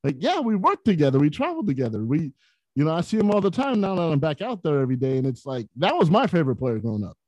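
A man, a podcast guest, telling stories in a casual, animated way, often laughing as he talks. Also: fairly high pitch, fast, dry recording. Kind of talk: casual storytelling.

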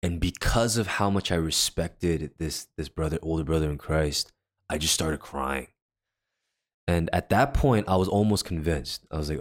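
A man's voice: a bass voice, normal speed. A man co-hosting a faith podcast, earnestly telling a personal story in a casual way, often restarting his sentences. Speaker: podcast co-host.

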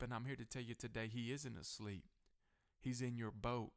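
Preaching in a clear, resonant, steady tone, this male pastor lifts his recurring refrains to louder, higher climaxes. He turns softer and slower whenever he shares personal testimony.

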